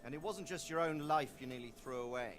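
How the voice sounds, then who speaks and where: An actor as a stern formal lord. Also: male voice, fairly high pitch, quick pace, noisy background, natural voice. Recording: game audio heard under loud music.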